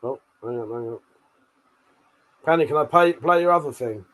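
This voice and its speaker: A man's voice: on the high side, normal speed, fairly bright tone. A man hosting a live stream, laughing and swearing as he reads out viewer comments. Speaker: livestream host. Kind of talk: casual live-stream chat.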